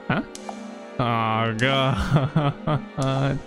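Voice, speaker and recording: A man's voice: medium pitch, fairly even intonation, slow, gravelly. A man giving casual commentary while playing a horror game, jumpy and swearing constantly. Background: game music.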